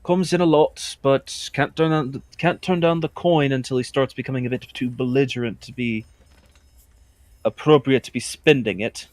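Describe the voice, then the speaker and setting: A man's voice: medium pitch, fairly even intonation, moderate pace, no room sound, lightly acted. A man voicing a burly male orc tavern keeper who talks in a folksy, drawling way with an accent that keeps slipping. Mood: welcoming.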